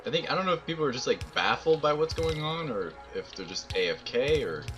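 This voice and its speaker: A man's voice: mid-range voice, expressive, brisk, a bit bright, soft background music. A man streaming a multiplayer game and chatting casually with friends, telling rambling stories full of fillers and the odd swear word. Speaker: streamer playing with others. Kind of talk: casual voice chat banter.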